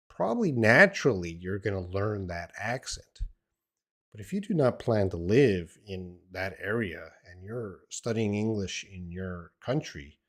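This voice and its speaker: A man teaching English in a live-stream Q&A from home, answering viewers in a blunt, opinionated, teasing way. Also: lowish voice.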